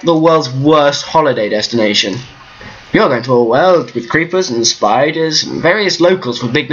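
A goofy, excitable man giving casual commentary while playing a block-building game at home. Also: mid-range voice, dull audio, slight background noise. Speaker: Minecraft let's player. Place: room at home.

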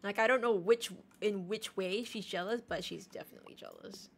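A woman in her late twenties chatting casually on a live stream while she plays, animated, joking and self-mocking. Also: medium pitch, a little fast, a little hiss or hum. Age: late 20s. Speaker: game streamer.

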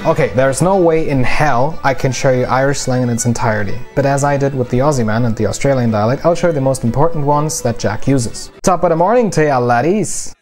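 A man's voice: mid-range voice, fairly quick, few pauses, music in the background. A man whose first language is German, narrating a linguistics lesson in a sarcastic, irreverent, jokey way. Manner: sarcastic, irreverent, swears for comedy. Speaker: linguistics video host. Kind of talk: scripted narration with jokes.

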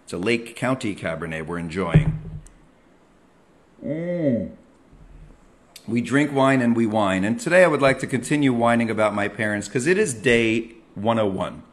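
A middle-aged man hosting a comic monologue, ranting and self-mocking with sudden loud yells. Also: medium pitch, expressive, normal speed. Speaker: comedian host.

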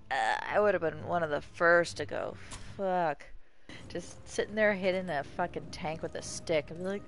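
A woman streaming live gameplay commentary, swearing freely and yelling at the game. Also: lowish voice, normal speed, a little hiss or hum. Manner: profane, exclaiming, talks to the game.

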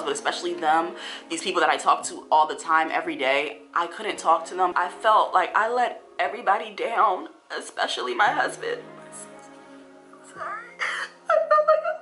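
A young woman vlogger telling a painful personal story in a halting way, full of fillers and restarts, at times near tears. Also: fairly low pitch, pushed and bright. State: tearful, voice breaking.

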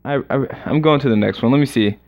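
Excitable young man streaming a game. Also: mid-range voice, quick pace. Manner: excitable, rambling, reacts aloud to the game. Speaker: livestreamer. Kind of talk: casual gaming livestream commentary. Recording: slightly dull lo-fi recording.

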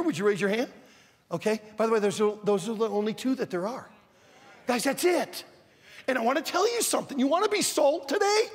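Older male preacher with a gravelly, husky voice. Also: very high voice. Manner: emphatic, shouting the key words. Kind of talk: sermon. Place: large auditorium at a youth conference. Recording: long reverb in a large hall.

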